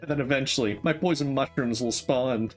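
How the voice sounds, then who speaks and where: A man's voice: medium pitch, a little fast. A man streaming a game, playfully chatting to the characters as he plays. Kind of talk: casual gameplay commentary. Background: faint game music.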